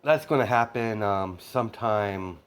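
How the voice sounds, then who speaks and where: A man's voice: fairly low pitch, unhurried, clean tone. Rambling man telling a fan story. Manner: rambling, constant "you know" fillers. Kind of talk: improvised spoken storytelling.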